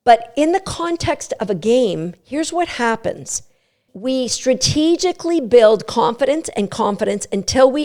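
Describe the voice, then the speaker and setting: Playful and lively, this podcast host is a middle-aged woman who teaches dog training in a voice on the higher side. She keeps breaking into brief voices that act out a dog's thoughts.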